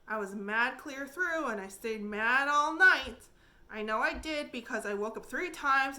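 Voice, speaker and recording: A woman's voice: fairly high pitch, pushed and bright. A woman voicing an eager, emotional orphan girl in a storybook reading, pleading earnestly.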